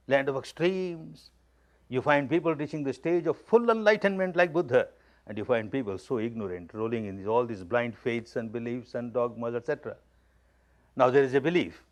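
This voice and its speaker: A man from India, giving a spoken discourse as a spiritual teacher. He makes his points plainly and emphatically, and repeats key phrases as he tells stories. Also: medium pitch.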